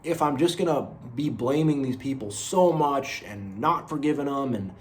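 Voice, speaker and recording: A man's voice: mid-range voice, lively intonation, normal speed. A man giving an unscripted motivational monologue, earnest and rambling, repeating phrases and saying "you know" often. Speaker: motivational video creator.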